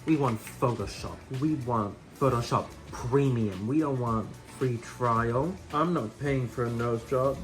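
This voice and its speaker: A man's voice: mid-range voice, fairly bright tone. A young Australian man doing a chatty drag makeup tutorial, rambling in self-mocking asides. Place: indoor room with a fan.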